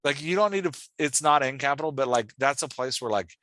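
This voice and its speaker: Man, host and writing coach, easygoing and encouraging, filler-heavy delivery, mid pitch, very dry close sound. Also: fast, pushed and bright, dry recording. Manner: loose and encouraging, full of "like" fillers. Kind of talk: casual feedback chat.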